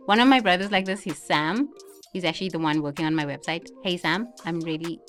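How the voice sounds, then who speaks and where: Woman ranting on her vlog, laughs a lot, does little voices of people, some soft music underneath. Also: lowish voice, fast. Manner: animated, laughing, dramatic mimicry. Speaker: vlogger. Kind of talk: spiritual monologue vlog.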